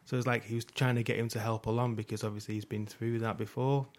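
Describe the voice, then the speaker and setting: A man's voice: fairly low pitch, level tone, quick pace, a little mellow. A man, a podcast co-host in casual chat, laughing easily between points.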